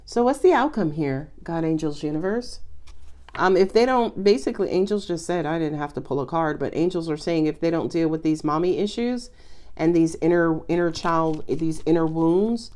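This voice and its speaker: A woman's voice: sits low, normal speed. Chatty woman reading tarot cards. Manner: chatty, expressive, exclaims often. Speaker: tarot reader. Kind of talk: casual spoken tarot reading.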